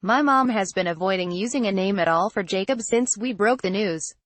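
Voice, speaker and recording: A woman narrating a memoir excerpt in an even, measured reading voice that changes little for the quoted lines. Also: medium pitch, no room sound. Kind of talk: steady read-aloud narration.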